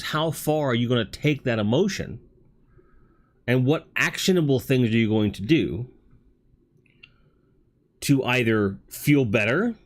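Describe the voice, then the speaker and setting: A man hosting a livestream talk show, speaking candidly in a rambling way and swearing casually. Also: mid-range voice. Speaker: host.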